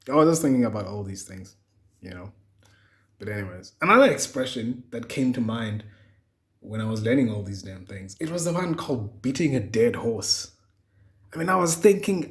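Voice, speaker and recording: A young man hosting a solo podcast, rambling casually with plenty of swearing and chuckles. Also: mid-range voice. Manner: rambling, profane, chuckling often. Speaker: podcast host.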